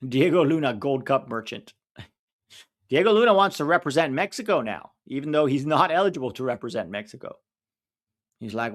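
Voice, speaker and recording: A man's voice: mid-range voice, animated, a little fast. A man hosting a live football watch-along stream, chatting casually, rattling off lists and laughing as he answers viewers.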